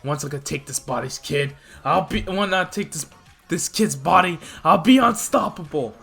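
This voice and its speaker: A man putting on a slimy monster villain who growls out threats, low and greedy for power. It is told as part of a casual fan-made story. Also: moderate pace, gravelly, a bit bright, husky, faint music behind, full character voice. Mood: threatening.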